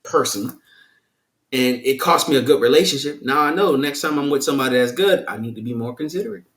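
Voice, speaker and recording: A man's voice: mid-range voice, a little fast, fairly bright tone, roomy sound. A man, a guest in a candid discussion who talks in a playful way and often restarts his sentences. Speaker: podcast guest.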